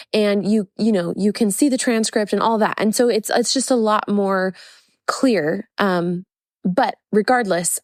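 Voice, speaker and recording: A woman's voice: mid-range voice, a little mellow, dry recording, clean studio sound. A woman hosting a podcast, teaching postpartum mothers in an earnest, chatty way with lots of fillers and restarts. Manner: earnest, chatty, many fillers and self-corrections. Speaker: podcast host and postpartum coach. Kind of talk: casual teaching monologue.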